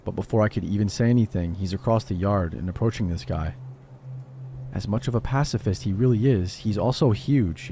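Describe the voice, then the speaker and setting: Low, mellow-voiced man narrating horror. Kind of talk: scripted narration.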